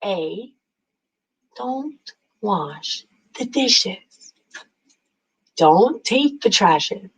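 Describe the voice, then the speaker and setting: A woman's voice: medium pitch, animated, extremely slow, long pauses, slightly rough, poor audio. A woman hosting a spiritual self-help channel, talking casually and repeating herself, with lots of "like" and "right?" tags. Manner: chatty and repetitive, with many "like" and "right?" tags.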